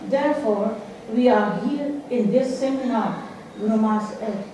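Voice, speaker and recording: Halting woman in a distant echoey hall. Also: fairly high pitch, mellow, a little hiss or hum. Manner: halting, with fillers. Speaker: retreat participant sharing a reflection. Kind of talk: personal testimony at a gathering. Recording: echoey hall, mic far off.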